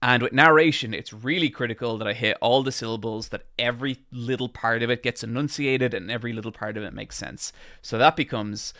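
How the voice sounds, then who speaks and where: A man's voice: mid-range voice, brisk, few pauses, bright, forceful tone, no room sound, clean studio sound. A man with an Irish accent chatting on a live stream into a microphone. He projects his voice and rambles with many fillers. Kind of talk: casual chat on a live stream.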